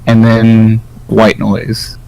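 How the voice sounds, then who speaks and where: A man running a tabletop game as game master, narrating in a halting way with many fillers. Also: lowish voice, completely flat delivery, creaky, a little mellow, rough recording. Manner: hesitant, filler-heavy improvised narration.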